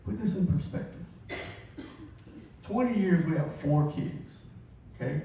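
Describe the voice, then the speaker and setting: Laid-back comic in an echoey hall. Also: male voice, sits high, animated, measured pace, long pauses, mellow, lo-fi sound, slight background noise. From Louisiana. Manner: laid-back, self-mocking storytelling with chuckles. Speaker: stand-up comedian. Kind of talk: stand-up comedy set. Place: large theater stage. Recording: echoey hall recording from far off. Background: audience laughter.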